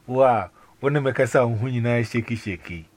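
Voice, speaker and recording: A man with a Ghanaian accent in a casual phone chat, talking in an animated, rambling way with many restarts and exclamations. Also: medium pitch, fairly quick. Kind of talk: casual phone chat mixing Twi and English.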